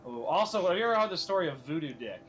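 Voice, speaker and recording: A man's voice: on the high side, very animated, rapid-fire. A young man hosting a gameplay stream, chatting casually and rambling through jokes with lots of fillers. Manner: rambling joke-telling with many fillers. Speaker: gaming streamer host. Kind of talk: casual chat while playing.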